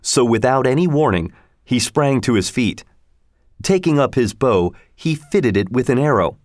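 A man reading a storybook aloud in a measured, even way. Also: medium pitch, dry recording, clean studio sound. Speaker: narrator. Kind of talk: scripted storybook narration.

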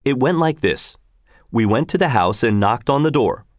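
A man's voice: medium pitch, lively intonation, moderate pace, no room sound, clean studio sound, close to an everyday voice. A man reading aloud, voicing an earnest patriot who recounts his visit with some self-satisfaction. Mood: recounting. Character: earnest, indignant male patriot envoy.

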